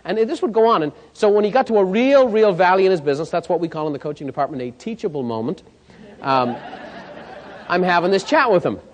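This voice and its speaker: A fairly high-voiced man works a seminar crowd as a sales coach. He tells lively stories and keeps checking that his audience follows. His voice rings out with the long reverb of a hall. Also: quick pace. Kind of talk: live seminar talk.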